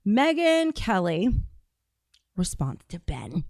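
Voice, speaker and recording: A woman's voice: on the low side, very animated, extremely slow, darkish tone, no room sound, studio quality. A woman hosting a reaction video, talking casually in a blunt, rambling, profane way.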